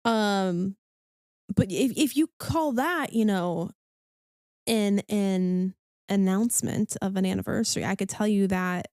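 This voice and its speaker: A woman's voice: medium pitch, a little slow, darkish tone, no echo, studio quality. A woman co-hosting a podcast in casual chat, bubbly and enthusiastic, with lots of "um" and "like". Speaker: podcast co-host.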